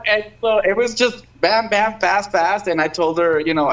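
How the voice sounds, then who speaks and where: A man's voice: high voice, normal speed, hardly any pauses, a bit bright. Rambling man on lo-fi stream audio. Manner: rambling, many fillers and restarts. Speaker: guest singer. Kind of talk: casual interview chat.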